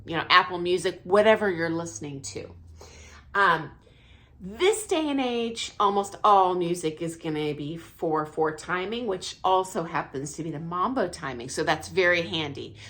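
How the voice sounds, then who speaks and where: A middle-aged woman, a dance teacher, explaining music counts in a casual, friendly way, with a high, light voice and frequent laughs. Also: a bit bright. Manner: counts beats aloud, self-deprecating, laughs often. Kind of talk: casual instructional talk. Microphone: camera mic, filming herself.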